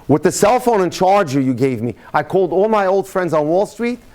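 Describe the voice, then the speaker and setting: A man's voice: sits high, animated, brisk, darkish tone. Man doing grateful ex-prisoner turned rich trader, joke character, everyday voice.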